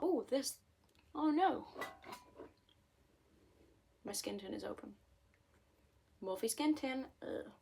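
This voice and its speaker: A woman's voice: mid-range voice, gravelly, slight background noise. Rambling British woman in her twenties. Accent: British English. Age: 20s. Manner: rambling, self-mocking, jumps between topics. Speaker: vlogger. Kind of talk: casual chatty monologue.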